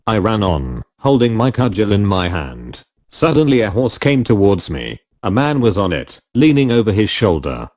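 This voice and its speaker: Low, animated male audiobook narrator. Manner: measured, dramatic storytelling. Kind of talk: scripted first-person audiobook narration.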